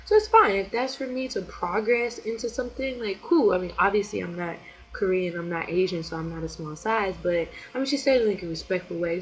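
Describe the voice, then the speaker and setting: A woman in her twenties at home, telling a story to camera in a chatty, excitable way full of "like" and "you know". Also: lowish voice, fairly quick, rough recording. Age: 20s. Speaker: vlogger.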